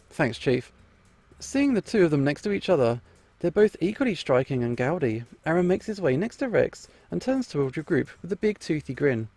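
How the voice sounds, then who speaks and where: A man's voice: a little high, a little mellow, no room sound. A man playing through a story game, reading the narration aloud with playful, amused asides. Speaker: game streamer. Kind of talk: reading a visual novel aloud with commentary.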